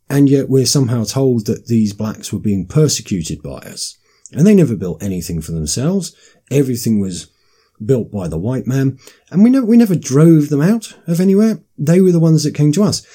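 A man's voice: medium pitch, dark tone, slightly rough. A man delivering an emphatic, insistent monologue with frequent restarts. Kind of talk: political monologue.

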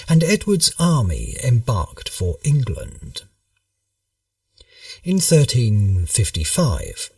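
A man narrating a history story in a measured, storytelling manner. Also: mid-range voice, dry recording, recorded from a distance.

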